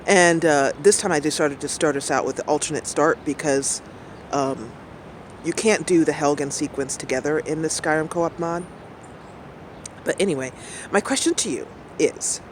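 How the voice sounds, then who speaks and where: A woman's voice: low-pitched, slight background noise. A middle-aged woman streamer chatting casually and rambling, laughing often as she talks. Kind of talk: casual chat. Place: outdoors.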